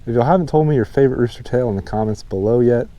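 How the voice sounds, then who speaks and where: Easygoing young man, mellow fishing vlogger. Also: medium pitch, very fast, no echo. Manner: chatty, excited when hooking fish. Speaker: fishing channel host. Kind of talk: casual outdoor vlog narration. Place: outdoors by a mountain pond, in rain.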